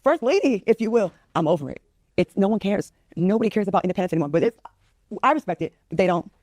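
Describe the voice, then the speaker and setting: A woman's voice: mid-range voice, lively intonation, fast, a little mellow, dry recording, studio quality. A woman in her fifties from Rhode Island, ranting in exasperation and swearing in casual chat.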